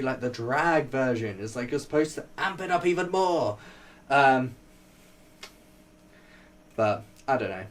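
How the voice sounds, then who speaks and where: A man chats through his thoughts in a loose, rambling way, leaning on fillers and breaking into little laughs. His voice sits at an ordinary middle pitch. The mic is set slightly away from him, so he sounds a touch distant. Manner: chatty, rambling, laughs often, many fillers. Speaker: vlogger reviewing a TV show. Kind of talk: casual spoken review.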